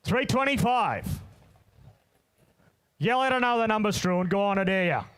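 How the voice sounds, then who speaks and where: A man working as an auctioneer at a horse sale, rattling off bids in a fast rolling chant and calling to bidders by name. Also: sits high, lively intonation, fairly bright tone, smooth. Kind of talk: rapid bloodstock auction chant. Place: sale ring.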